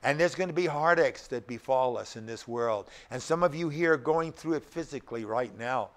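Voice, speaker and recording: A man's voice: mid-range voice, normal speed. Older man preaching with rhetorical questions. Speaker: pastor. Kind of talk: sermon.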